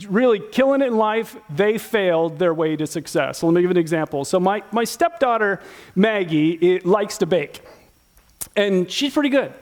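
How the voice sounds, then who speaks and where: A middle-aged man preaching a sermon in a church, talking casually and acting out Bible characters as he teaches. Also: high-pitched. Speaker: pastor.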